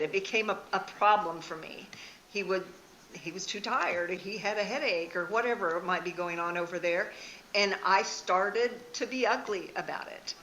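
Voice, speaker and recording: Frank, bright-voiced older woman speaker. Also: medium pitch, roomy sound, a little hiss or hum, rough recording. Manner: frank and earnest, laughing at herself. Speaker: marriage seminar speaker. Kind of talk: candid seminar talk with personal stories. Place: church hall.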